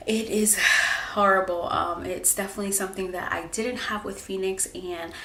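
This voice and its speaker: Her voice medium-pitched, fairly bright, and steady, a woman in her twenties vlogs about her pregnancy at a moderate pace. She talks candidly and casually with plenty of likes and ums, in an echoey room with faint ambience.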